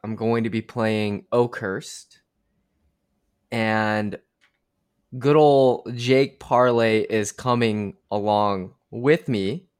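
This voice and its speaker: A young man with a mid-pitched voice co-hosts a casual podcast. He talks slowly and in a laid-back way, and he hedges as he brings up a new subject. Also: smooth. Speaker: podcast co-host.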